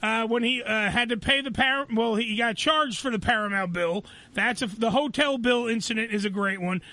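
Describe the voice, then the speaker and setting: A man's voice: extremely high pitch, moderate pace, bright, forceful tone, no echo. A man hosting a radio show, joking, swearing and laughing often in casual banter on a studio mic.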